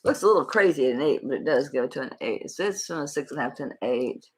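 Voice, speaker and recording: Casting: middle-aged Southern woman, low husky voice, folksy live-stream jewelry seller. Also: animated, fast talker, a little mellow. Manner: folksy, chatty, talks to viewers by name. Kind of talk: live-stream sales chat.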